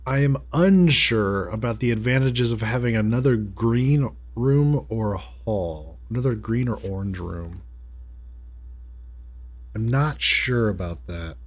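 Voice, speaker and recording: A man streaming a puzzle game live, chatting casually and reading viewer jokes aloud. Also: medium pitch. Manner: reads chat jokes aloud, slow and musing. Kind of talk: casual live-stream chat while gaming.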